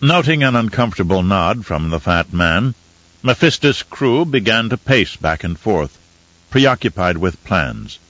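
A man narrates a novel in a steady, descriptive storytelling voice that sits on the low side. The recording is dull and muffled, with a dry, close sound and no room echo. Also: unhurried. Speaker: audiobook narrator. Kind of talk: scripted narration.

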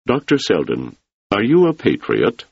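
Guy reading as an intense politician pushing hard, raspy voice, lively ups and downs. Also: fairly low pitch, measured pace, dry recording, muffled recording, pitched above the performer's own voice, full character voice. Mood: insistent. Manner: insistent, urging. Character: ambitious, intense male politician, persuasive and forceful.

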